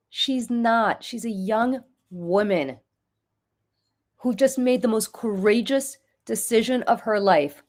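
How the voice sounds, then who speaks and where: A woman giving impassioned talk-show commentary, emphatic and emotional, repeating her key points for force. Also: medium pitch. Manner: emotional, urgent. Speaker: political commentator and nonprofit leader.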